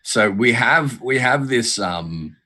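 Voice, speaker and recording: A man's voice: medium pitch, lively intonation, slow, bright, forceful tone, husky. A man hosting a quiz segment on a podcast, talking casually, rambling and restarting his words, with the odd swear. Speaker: quiz host.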